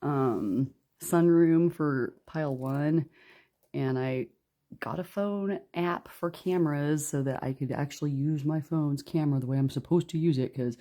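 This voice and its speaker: A woman's voice: deep voice, a little slow, mellow. A woman doing a casual tarot card reading in her living room, chatty and snarky and laughing often. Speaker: tarot reader.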